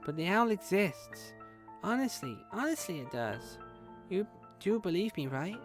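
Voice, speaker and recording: A man voicing a scared little girl, a chattering younger sister, in a high, pleading, childlike voice while reading a game aloud. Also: sing-song, a little slow, soft background music. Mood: frightened.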